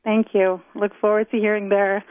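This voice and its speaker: A woman's voice: medium pitch, little pitch movement, normal speed. A woman guest in a phone interview, speaking in a reflective, thoughtful way. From Israel. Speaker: author guest. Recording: tinny phone line, dry.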